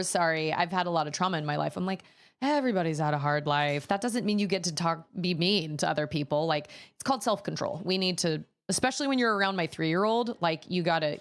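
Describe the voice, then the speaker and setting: Woman, 30s, streamer, low-ish voice, rambling exasperated storyteller. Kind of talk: casual chat while gaming.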